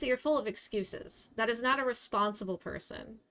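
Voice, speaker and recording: A woman's voice: on the high side, moderate pace, hardly any pauses, sharp tone. A young woman streamer ranting bluntly at her chat, scolding and exasperated, swearing freely. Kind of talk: live stream rant at chat.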